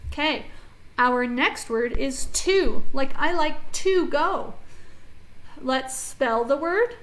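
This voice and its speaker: A woman teaching an early reading phonics lesson to children, speaking clearly and encouragingly as she models each sound. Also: high-pitched, animated, slow pace, poor audio.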